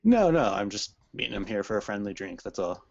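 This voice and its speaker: Easygoing guy at a tabletop game, gravelly low voice, muffled mic. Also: sing-song, fairly quick, darkish tone. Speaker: player.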